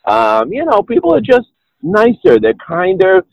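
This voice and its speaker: A man's voice: sits high, wildly swooping pitch, a little slow, creaky, no room sound, highs cut off. A middle-aged man with a Boston accent, a guest telling his story in a casual chat, rambling, with plenty of restarts and "you know"s. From Boston area, New England. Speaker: podcast guest.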